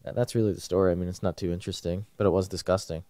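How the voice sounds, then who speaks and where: A young man co-hosting a podcast, chatting in a quick, offhand, understated way. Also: sits low, level tone, dark tone, no echo. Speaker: podcast co-host. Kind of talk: casual chat.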